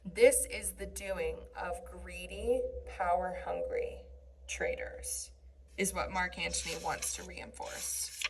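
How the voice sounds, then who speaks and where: A woman teacher talks a class through a play at an unhurried pace, her voice carrying a gravelly fry. She reads lines of verse, then puts them into plain words, checking in with "right?" and filling pauses with "um". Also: lowish voice, slight background noise, rough recording. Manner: explains lines in casual paraphrase, frequent "right?" and "um"; reads verse aloud between plain explanations.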